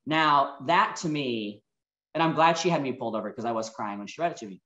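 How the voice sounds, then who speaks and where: A man gives an earnest motivational talk. His voice sits at a middle pitch, and he slows down for reflective moments. The sound carries the echo of a roomy space. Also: expressive, pushed and bright, lo-fi sound. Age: 40s. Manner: earnest and emotional, storytelling with reflective pauses. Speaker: motivational speaker. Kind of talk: personal keynote talk.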